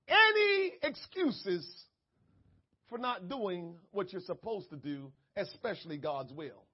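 Husky-voiced man preaching a sermon. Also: extremely high pitch, lo-fi sound. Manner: builds from calm storytelling to shouted preaching. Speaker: pastor.

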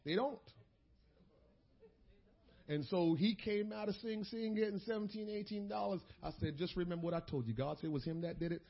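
A male pastor preaching a sermon, moving between loud exhortation and quiet storytelling. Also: high-pitched, a little fast, gravelly, lo-fi sound.

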